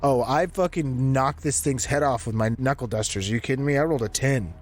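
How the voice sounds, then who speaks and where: A man's voice: medium pitch, a little fast. A man playing a tabletop game, talking loosely with fillers and swearing. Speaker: player. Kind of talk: casual tabletop play.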